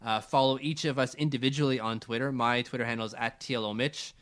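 A Canadian man co-hosting a podcast in an easy, rambling way. His voice sits at an ordinary pitch for a man, and he often trips over his words and starts again. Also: quick pace. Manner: relaxed, rambling with restarts. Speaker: podcast co-host. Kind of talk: casual sports chat.

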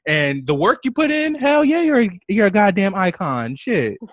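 A young man hosting a podcast interview, excitable and slangy, laughing often. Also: high voice, normal speed, no room sound. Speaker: podcast host.

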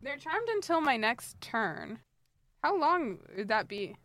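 Quick, eager woman player; bright tone, dry close mic. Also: high voice, very animated, no echo. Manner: eager, quick, explaining rules. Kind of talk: tabletop role-play.

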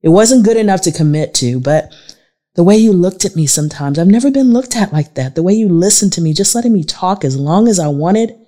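A woman reading the part of a patient, calm bald man who pleads tenderly with his lover in a memoir audiobook. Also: lowish voice, a little fast, close to an everyday voice.

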